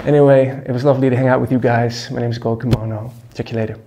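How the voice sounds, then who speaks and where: Laid-back male musician, dark mellow tone, casual storytelling full of fillers. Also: mid-range voice, racing, slight background noise. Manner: relaxed, laid-back, lots of fillers and "you know".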